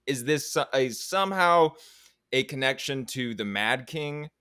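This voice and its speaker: A man's voice: medium pitch, lively intonation, unhurried, bright, forceful tone, smooth, no echo, clean studio sound. A man in a casual TV review chat, musing thoughtfully and rambling with restarts.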